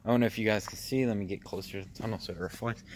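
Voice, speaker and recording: A young man talks very fast in a lowish voice with fairly even intonation. He's casually vlogging his trip through a cold outdoor tunnel, rambling and out of breath, and sounds make him jump, in keeping with his paranormal vlogging.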